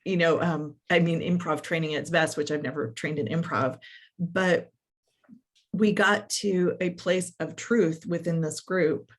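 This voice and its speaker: A middle-aged woman coach telling a work story in a podcast conversation, animated and full of quoted dialogue and fillers. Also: deep voice, unhurried. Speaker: coach and workshop facilitator.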